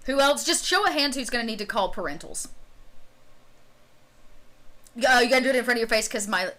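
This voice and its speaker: A woman running a tabletop game on a live stream, narrating briskly and quizzing her players. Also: on the high side, animated, sharp tone. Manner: brisk, chatty, asks players questions. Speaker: game master.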